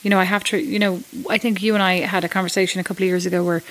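A woman's voice: on the low side, level tone, rapid-fire, fairly bright tone, low-quality recording. An Irish woman in her forties from Ireland, telling stories in a casual chat, with lots of fillers and laughter. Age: 40s. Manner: chatty storytelling, laughs often, many fillers. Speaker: guest.

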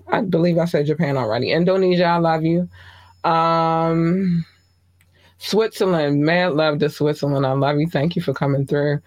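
A woman hosting her podcast in casual solo chat, warmly thanking listeners place by place and jumping high in pitch when excited. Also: no echo. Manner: effusive, shouting out listeners by country. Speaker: podcast host.

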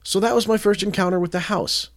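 A man co-hosting a podcast, telling a story in casual chat and acting out the quotes loudly. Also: sits high, fast talker. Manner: animated, acts out quotes loudly. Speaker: podcast co-host.

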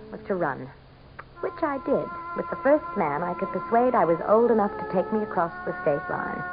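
A woman's voice: on the low side, natural voice. An actress playing an ambitious, scheming governor's wife who narrates her own cool, bitter confession in a 1970s radio drama. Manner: cool, bitter, worldly first-person confession. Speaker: narrator and lead character. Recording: dull, muffled old radio broadcast with music behind.

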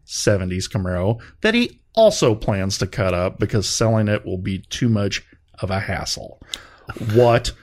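Animated male car-show co-host. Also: moderate pace. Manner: animated, jokey, swings into high excited tones. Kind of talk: casual car news chat.

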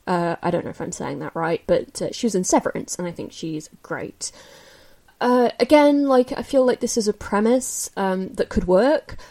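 A woman talks through her recent film viewing in a relaxed, candid way, with frequent fillers and self-corrections. Her pitch sits in a middle range but leaps upward when she gets opinionated. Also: normal speed. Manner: chatty and candid, many fillers and restarts. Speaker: film reviewer. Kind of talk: casual spoken film review.

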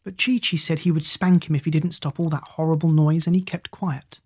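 A narrator reading a children's storybook aloud in a steady, gentle way. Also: mid-range voice, fairly quick, husky. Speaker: audiobook narrator.

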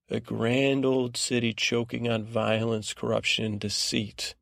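A man hosting a sleep podcast, recapping a TV episode in a meandering, low-key way full of fillers. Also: little pitch movement, a little slow, vocal fry, a bit bright, no room sound, clean studio sound. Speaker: podcast host. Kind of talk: rambling bedtime recap.

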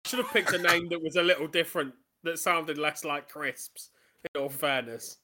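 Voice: mid-range voice, fairly even intonation, moderate pace, bright, forceful tone. A player on a comedy improv podcast, protesting the guesses about his role.

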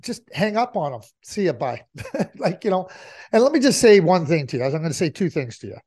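A man's voice: high voice, big pitch swings, a little fast, darkish tone, breathy edge. A man giving his take on hockey in casual talk, emphatic and repetitive, often restarting his sentences. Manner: emphatic, repeats points, stammering restarts. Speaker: hockey analyst.

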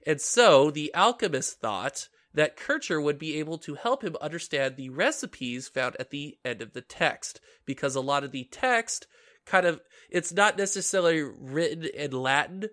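Man, podcast host, congested, nasal, slightly high voice, bright tone, laughs often, stumbles over words. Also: animated, moderate pace. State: congested, stuffy nose. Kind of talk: casual podcast chat.

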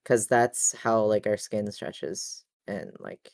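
A woman's voice: extremely low pitch, slow, vocal fry, darkish tone, no echo. A woman co-hosting a podcast in casual chat, rambling and searching for her words as she explains. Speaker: podcast co-host.

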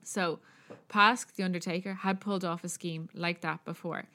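A woman's voice: fairly low pitch, steady tone, moderate pace, pushed and bright. An Irish woman co-hosting a podcast, telling a true story in casual chat with lots of fillers and the odd swear. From Ireland. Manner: chatty, profane, many fillers. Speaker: podcast co-host.

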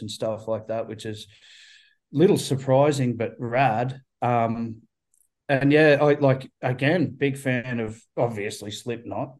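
Rambling man with a mellow voice. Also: mid-range voice, measured pace. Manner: rambling, swears often, many restarts. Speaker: band member guest. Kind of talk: casual interview chat. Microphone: video call.

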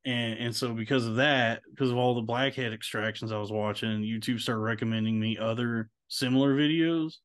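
A man's voice: mid-range voice, fairly quick, hardly any pauses. A man co-hosting a casual podcast, telling a long rambling story and saying "dude" often. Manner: mimics voices when quoting others. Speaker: podcast co-host. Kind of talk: casual chat.

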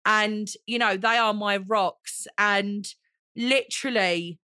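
A woman's voice: medium pitch, steady tone, slow, pushed and bright, clear, resonant tone, no echo, clean studio sound. A woman, hosting a chatty solo podcast in a gushing, theatrical way and calling listeners honey. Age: 40s. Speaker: podcast host.

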